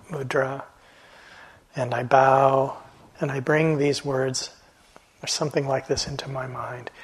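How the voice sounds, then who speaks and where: A man teaching meditation in a gentle, reflective dharma talk, halting often and letting phrases trail off softly. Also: mid-range voice, breathy edge, poor audio. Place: meditation hall.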